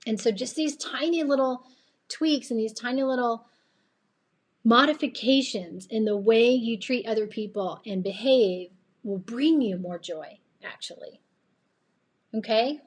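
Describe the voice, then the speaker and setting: A live-stream host and coach talks earnestly about faith and motivation, rambling chattily and laughing often. It's late at night, so her slightly high, unhurried voice sounds a bit tired.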